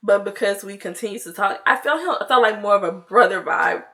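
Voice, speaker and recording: A young woman spins a storytime for her viewers, rambling and chatty with plenty of "like" and "you know". Her voice is bright and forward at an ordinary middle pitch. She gets lively when she acts out what she said. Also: fairly quick. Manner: animated when mimicking herself in dialogue. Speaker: vlogger. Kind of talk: casual storytime chat.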